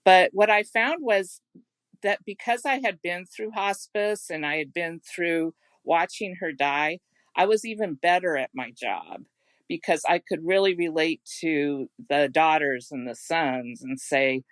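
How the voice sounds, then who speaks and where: A middle-aged woman, a home care consultant, telling personal stories in a podcast interview in an earnest, gentle way. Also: lowish voice, animated, unhurried, no room sound. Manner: earnest and gentle, with frequent restarts.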